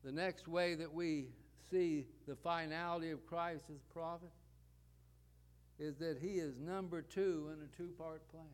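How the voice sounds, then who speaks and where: A man's voice: fairly high pitch, steady tone, unhurried. A man preaching a sermon, building points with rhetorical questions and repeated parallel phrases.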